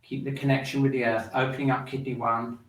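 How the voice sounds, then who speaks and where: Calm man guiding a breathing class. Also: mid-range voice, quick pace. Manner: calm instructive, guiding along with the movements. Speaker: shiatsu teacher. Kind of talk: guided breathing and movement class. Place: room in a shiatsu centre. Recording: roomy sound, mic at a distance.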